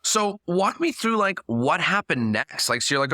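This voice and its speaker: Upbeat, squeaky-voiced man hosting. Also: sing-song, moderate pace, pushed and bright, no room sound, studio quality. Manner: enthusiastic and chatty. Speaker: podcast host. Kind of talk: casual interview hosting.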